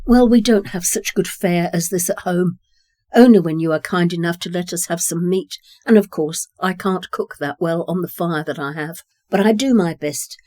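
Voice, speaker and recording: A woman's voice: fairly low pitch, moderate pace, warm tone, dry recording, natural voice. A reader voicing a poor widowed mother in a short story, speaking earnestly and apologetically. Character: grown woman, a poor widowed mother, proud and gentle. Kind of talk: reading dialogue in a short story.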